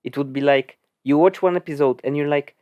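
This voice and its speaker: A man's voice: on the high side, brisk, dry recording, highs cut off. A man co-hosting a casual podcast, chatting loosely with many "like"s and restarts. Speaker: podcast co-host. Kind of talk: casual chat.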